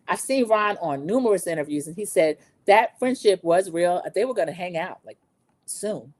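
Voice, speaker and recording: A woman's voice: lowish voice, lively intonation, moderate pace, a little mellow, no room sound. A middle-aged woman hosting a casual opinion recap, chatty and opinionated, talking straight to her viewers. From lived in the American South over twenty years. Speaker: recap host.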